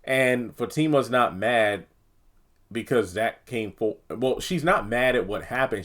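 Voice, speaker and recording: A man's voice: mid-range voice, a little slow, fairly bright tone. A man hosting his own TV review channel, talking casually and with exasperation, rambling and sometimes acting out characters' lines. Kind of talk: casual solo review talk.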